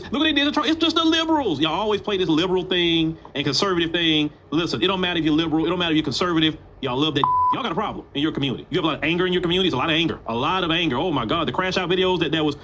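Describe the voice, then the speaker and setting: A man giving casual commentary, animated and talking straight to his audience. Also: fairly high pitch, a little hiss or hum, low-quality recording.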